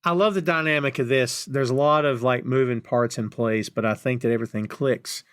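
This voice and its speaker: A man's voice: medium pitch, fairly even intonation, fairly quick, fairly bright tone, clear, resonant tone, dry recording. A man hosting a podcast, chatting casually and retelling film scenes with laughter. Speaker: podcast host.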